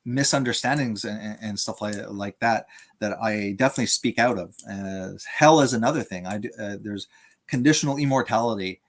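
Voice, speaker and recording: A man in a conversational debate on theology, speaking haltingly with frequent fillers and restarts. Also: lowish voice.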